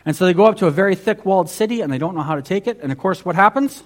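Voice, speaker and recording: Male pastor, somewhat high voice, lively sermon delivery that swings from loud to hushed. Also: racing. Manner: animated storytelling with big swings between loud and hushed; conversational, asks the congregation questions.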